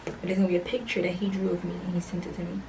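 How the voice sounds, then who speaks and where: A young woman vlogger telling a storytime tale casually, acting out the dialogue with slangy, animated delivery. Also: on the low side, racing, recorded from a distance, background noise.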